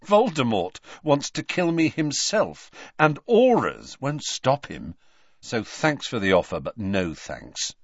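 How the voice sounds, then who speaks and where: A man's voice: mid-range voice, very animated, slow, no room sound, highs cut off, voice pushed up, exaggerated voice. A man doing an earnest teenage boy. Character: determined teenage boy wizard.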